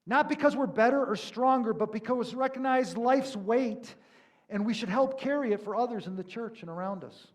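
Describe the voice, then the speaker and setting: Preacher with a high voice, conversational and emphatic. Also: male voice, moderate pace. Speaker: pastor. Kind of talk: sermon.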